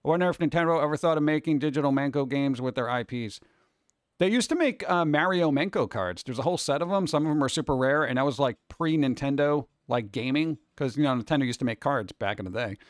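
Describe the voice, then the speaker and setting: A man's voice: medium pitch, quick pace, no echo, clean studio sound. A man chatting casually on a livestream, rambling as he works and talking viewers through steps. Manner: rambling, talks to chat while doing tasks; hands-on, step-by-step instructions. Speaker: livestreaming artist.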